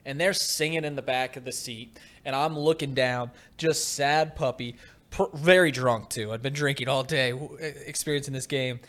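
A man co-hosting a casual sports talk show, telling a lively story and getting loud when he acts out his rant. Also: medium pitch, normal speed. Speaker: podcast co-host.

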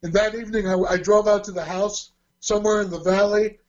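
A man with a high voice telling a personal story casually, slipping into quoted dialogue with real animation. The recording sounds dull and lo-fi. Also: steady tone, a little fast. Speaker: guest telling a life story. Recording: dull lo-fi audio.

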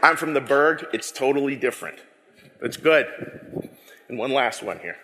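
A man preaching a sermon, animated and joking with his congregation in a church hall. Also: mid-range voice, normal speed. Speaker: pastor.

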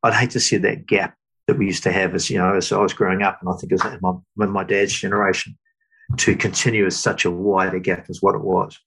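A middle-aged man talks slowly and thoughtfully in a low, gravelly voice. There is a husky grain to it. He often stops, restarts, and fills gaps with small words. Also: little pitch movement, fairly bright tone, rough recording. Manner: halting, thoughtful, many fillers and restarts. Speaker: guest. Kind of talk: reflective interview talk.

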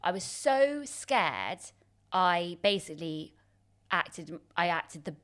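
A woman in her thirties telling a story in casual chat, self-deprecating and quick to laugh, with many restarts. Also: fairly low pitch, lively intonation, fairly bright tone. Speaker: guest.

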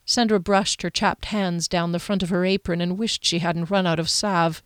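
A woman reading a novel aloud as an audiobook narrator in measured, even storytelling. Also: on the low side, clear, resonant tone, no room sound, clean studio sound. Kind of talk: scripted narration.

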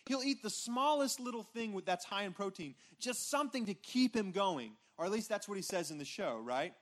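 A man with a notably high-pitched voice preaches in a loose, chatty way, tossing a quick "right?" to his listeners between points. He stumbles and repeats words as he thinks aloud on a church stage. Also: lively intonation, a bit bright. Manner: informal, repeats words and restarts, frequent "right?" checks with congregation. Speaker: pastor. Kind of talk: conversational sermon. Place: church stage before a responding congregation.

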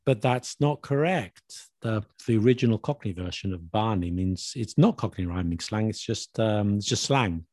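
Male host, lowish voice, easy explanatory chat, dry close recording. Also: animated, normal speed, few pauses, a little mellow, no room sound. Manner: explains slang patiently, friendly quizzing. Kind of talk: casual chat.

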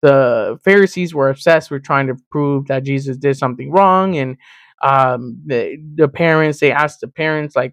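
A man from Miami hosting a sermon-style podcast, teaching in an emphatic, animated way and speaking straight to the listener. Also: mid-range voice, normal speed, dry recording. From Miami, Florida. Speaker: podcast host and preacher.

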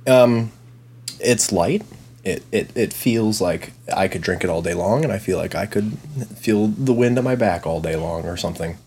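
A man's voice: lowish voice, normal speed, darkish tone, a little hiss or hum. A man hosting a casual beer podcast with friends, playful and goofy. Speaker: podcast host. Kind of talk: casual chat about beer.

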